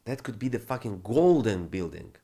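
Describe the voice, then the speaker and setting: A man's voice: on the low side, moderate pace, breathy edge. Profane, ranting male crypto host. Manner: profane, animated, non-native phrasing. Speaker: crypto trading channel host. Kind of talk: ranting market commentary.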